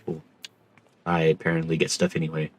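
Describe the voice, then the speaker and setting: Deep voiced guy streaming a game, dry sarcastic asides, very low voice. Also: completely flat delivery, brisk, breathy edge, soft background music. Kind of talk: gaming livestream commentary.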